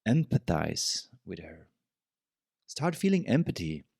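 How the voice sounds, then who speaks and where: A man's voice: low voice, big pitch swings, takes it slowly, gravelly, darkish tone, breathy edge, no room sound, clean studio sound. Man musing on relationship advice. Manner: reflective, repeats himself, casual. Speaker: podcast host.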